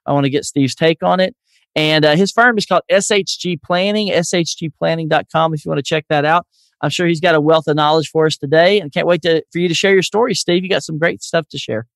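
A man's voice: a little high, steady tone, fast, creaky, no room sound, studio quality. A man with a Southern US accent hosting a podcast, chatty and upbeat as he tells stories. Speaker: podcast host. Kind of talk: casual interview chat.

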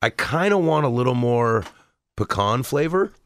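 A man co-hosting a casual beer tasting chat, animated and telling stories. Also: medium pitch, normal speed, no echo. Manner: animated, tells stories and jokes.

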